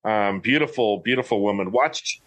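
A man's voice: on the low side, moderate pace, a bit bright. A middle-aged man talking in a casual, rambling, folksy way with frequent restarts. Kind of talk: casual chat.

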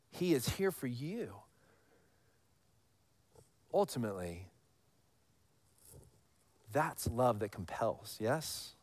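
A man in his thirties preaching a sermon, telling stories with animated highs and dropping to a hush for scripture lines. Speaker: pastor.

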